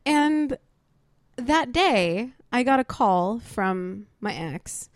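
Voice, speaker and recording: Animated, swearing woman telling stories. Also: a little high, extremely slow, no echo, studio quality. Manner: animated storyteller, swears freely, acts out quotes. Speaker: podcast co-host. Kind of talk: casual chat.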